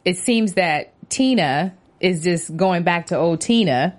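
A woman's voice: lowish voice, animated, unhurried. A woman co-hosting a casual talk show, laughing often, reading out viewer comments and mimicking cast members. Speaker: podcast co-host. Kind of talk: casual chat about a reality show.

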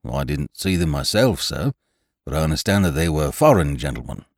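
Man reading as a deferential lift attendant with a low, soft voice; dry audiobook sound. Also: animated, moderate pace, creaky, dry recording, heavily acted. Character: polite, calm male lift attendant.

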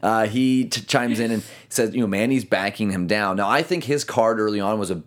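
A man co-hosting a talk show, casually recapping a boxing match round by round and talking through his scorecard with quick restarts. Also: on the low side. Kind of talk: casual fight recap chat.

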